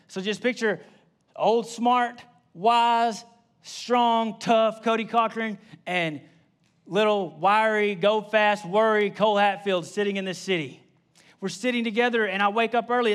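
A young adult man preaching a sermon in a casual, conversational way, repeating key phrases and adding quick asides. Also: high voice, a bit bright. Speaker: pastor.

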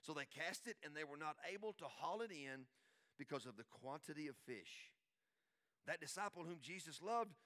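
Bright, emphatic preaching man. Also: high voice. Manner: animated, emphatic storytelling. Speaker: pastor. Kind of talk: sermon.

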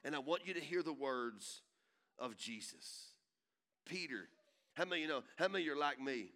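Bright-voiced man preaching with dramatic swells. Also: medium pitch, animated, normal speed. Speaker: pastor. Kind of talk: sermon.

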